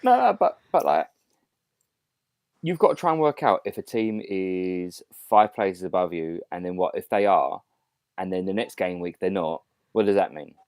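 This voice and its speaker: Male co-host, low and lively, exasperated, dry call audio. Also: normal speed, smooth, no room sound. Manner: exasperated ranting. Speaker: podcast co-host. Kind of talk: casual chat.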